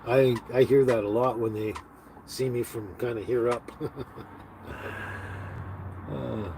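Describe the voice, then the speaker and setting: A man chats loosely on a live stream, wandering from one thought to the next with frequent fillers and restarts. He sounds like he is talking from inside a small home, and steady background noise runs under his voice throughout. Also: mid-range voice, gravelly. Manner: rambling, halting, with many restarts and fillers. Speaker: livestream host. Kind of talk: casual live-stream chat.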